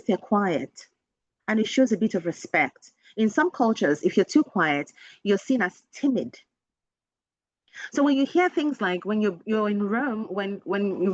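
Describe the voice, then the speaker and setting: A woman's voice: medium pitch, dry recording. A woman with a Nigerian accent, an educator giving a webinar talk in an earnest, emphatic and direct teacherly way. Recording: dull lo-fi dry sound.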